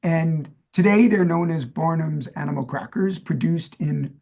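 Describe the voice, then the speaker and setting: A middle-aged man from New Jersey, USA, co-hosts a podcast in a voice on the high side with a dark tone and a measured pace. He chats loosely and quizzes his partner on trivia, using plenty of fillers.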